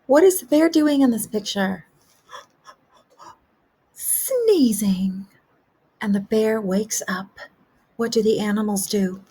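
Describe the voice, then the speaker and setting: A woman kindergarten teacher giving a remote lesson, asking young children gentle, encouraging questions about a story. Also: mid-range voice, slow pace, long pauses, husky.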